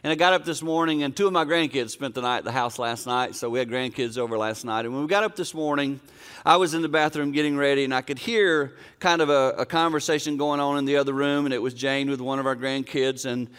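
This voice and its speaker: A man's voice: medium pitch, quick pace, fairly bright tone, clear, resonant tone. An older man preaching a sermon, telling a personal story in an earnest, conversational, folksy way. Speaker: pastor.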